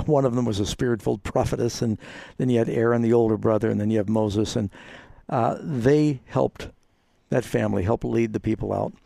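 Man, pastor, radio host, gravelly, dark tone, dry close sound, easygoing explaining. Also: medium pitch, moderate pace, dry recording. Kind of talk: call-in Bible answers.

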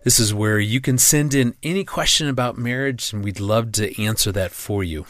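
A man co-hosting a marriage podcast with his wife, speaking in an encouraging way and joking gently. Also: mid-range voice, moderate pace, no echo, studio quality. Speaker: podcast co-host. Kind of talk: casual married-couple podcast chat.

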